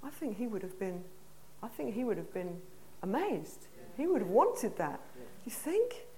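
A woman's voice: mid-range voice, sing-song, a little slow, dark tone. A woman preacher with an English accent gives a conversational sermon, putting questions to her congregation in a church hall.

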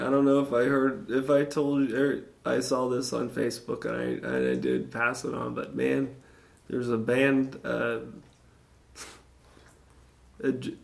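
Man, podcast host, mid-pitched and gravelly, rambling casual chat with crude humor. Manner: rambling, jokey, crude humor, chats to listeners.

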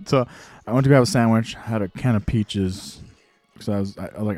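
A man's voice: on the low side, normal speed, dark tone, no room sound, soft background music. A man casually chatting while watching a game live, rambling with lots of fillers and restarts. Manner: laid-back, chuckles between thoughts. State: voice getting lower and tired. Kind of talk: casual live-stream chat.

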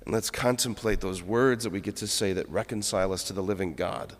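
A man's voice: lowish voice, fairly quick. A man, a Catholic priest, giving an earnest, reflective homily and weaving in a personal story. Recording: long reverb of a church.

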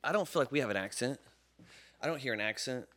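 A man's voice: mid-range voice, lively intonation, fast, a bit bright. A young man from Jacksonville, Florida, co-hosting a podcast in casual chat, rambling and swearing freely. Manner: profane, rambling storyteller. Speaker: podcast co-host.

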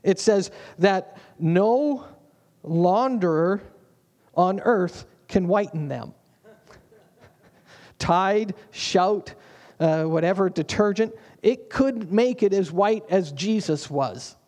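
A man's voice: sits high, takes it slowly, darkish tone. A man preaching a sermon as a pastor, in a humorous, conversational way.

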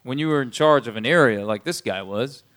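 A man preaches in a relaxed, conversational way, walking listeners through a scripture passage. His voice sits in an ordinary middle range and climbs with force when he stresses a point. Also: medium pitch, fairly quick. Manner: conversational preaching, rising emphatic on key lines. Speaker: pastor. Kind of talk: sermon.

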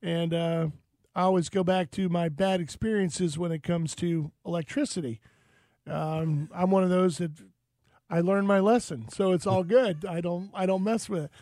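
Talk-show host, male, high voice, dry close mic, casual rambling storyteller. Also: darkish tone, no echo. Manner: rambling anecdotes with frequent fillers.

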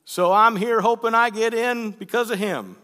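A smug, entitled old-world king drawls in a high, loud Southern accent, as a preacher puts him on. The voice rings bright against a long church-hall echo. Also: fairly even intonation, moderate pace. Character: boastful ancient king, lazy and entitled.

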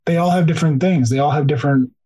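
Husky man telling a story, full of "like". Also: on the high side, rapid-fire, mellow, rough recording. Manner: heavy use of "like", restarts, tearful. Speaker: podcast guest, police officer. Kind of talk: emotional storytelling.

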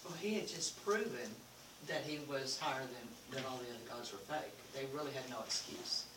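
A man's voice: mid-range voice, normal speed. Man answering from far across an echoey room. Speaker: class member. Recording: distant and echoey, room noise.

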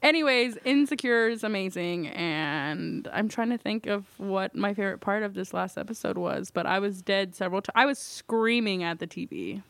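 A woman's voice: mid-range voice, expressive, moderate pace, creaky, hardly any pauses, dry recording. A woman co-hosting a podcast in casual chat, teasing and playful, laughing often. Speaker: podcast co-host.

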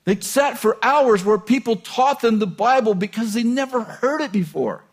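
A man preaching an informal sermon in a conversational way, joking and chuckling often, swinging between loud bursts and low asides. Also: animated, moderate pace.

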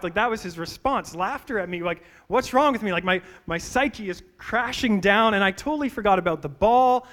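A man's voice: high-pitched, a bit bright. A man preaching a sermon, speaking straight to his congregation and mixing scripture with funny stories about himself. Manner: storytelling with humor and direct questions to the congregation. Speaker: pastor.

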